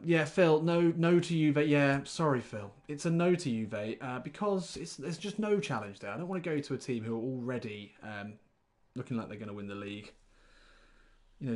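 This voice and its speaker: Chatty game streamer. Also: male voice, medium pitch. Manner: chatty, rambling, thinks aloud and greets chat viewers. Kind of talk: live-stream gameplay commentary.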